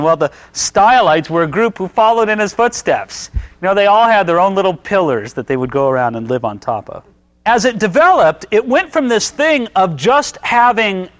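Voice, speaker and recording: A man's voice: high-pitched, fairly bright tone. A man teaching church history in a casual, folksy way, asking his listeners questions as he goes.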